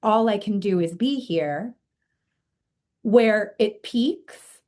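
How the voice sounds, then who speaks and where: A woman's voice: mid-range voice, slow pace, a little mellow. Earnest, reflective woman hosting a chat. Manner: earnest and reflective, with frequent fillers. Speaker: podcast host and coach. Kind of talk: casual interview conversation.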